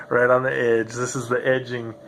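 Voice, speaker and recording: A man's voice: mid-range voice, flat delivery, slow, fairly bright tone, slight background noise. A man hosting a rambling solo podcast, loose and profane, who laughs often as he talks. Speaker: podcast host. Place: home room with a noisy computer. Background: grinding computer fan.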